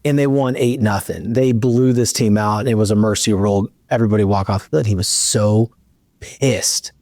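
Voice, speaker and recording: A man's voice: fairly low pitch, normal speed, no echo. A middle-aged man hosting a podcast, telling a long story in a casual chat and acting out the dialogue. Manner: animated, acts out dialogue in his storytelling. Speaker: podcast host.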